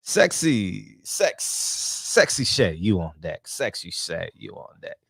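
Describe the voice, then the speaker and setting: A man putting on the voice of a strip club DJ, calling out names in a low, drawn-out announcer style. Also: big pitch swings, creaky, fairly bright tone, breathy edge, no echo, studio quality, exaggerated voice. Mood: sultry. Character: smooth-talking male strip club DJ.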